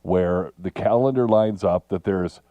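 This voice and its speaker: A man's voice: sits low, unhurried, no echo, narrow, tinny audio. A man co-hosting a morning radio talk show, reading the weather and chatting in an easygoing way. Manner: easygoing, chatty with filler ums. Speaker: radio co-host. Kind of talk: casual radio chat and weather read. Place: radio studio.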